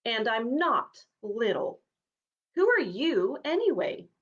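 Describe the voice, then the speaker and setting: A woman voicing a small, timid young male rabbit in a storybook reading, with a squeaky, indignant manner. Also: very animated, takes it slowly, a bit bright, muffled recording, exaggerated voice.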